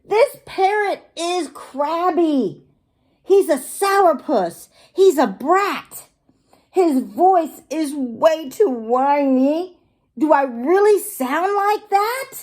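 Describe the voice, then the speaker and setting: A woman's voice: high-pitched, lively intonation, drawn-out words, darkish tone, pitched above the performer's own voice, heavily acted. A woman doing a whiny grumpy pirate. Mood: wailing. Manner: complaining, moaning.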